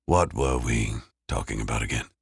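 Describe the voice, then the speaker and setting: A man voicing a gruff, understated police detective in an audiobook, speaking tersely. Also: extremely low pitch, animated, measured pace, fairly bright tone, no room sound, pitched below the performer's own voice, full character voice. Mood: guarded. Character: gruff male police detective, guarded and low-key. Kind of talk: audiobook character voice. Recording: dry close studio sound.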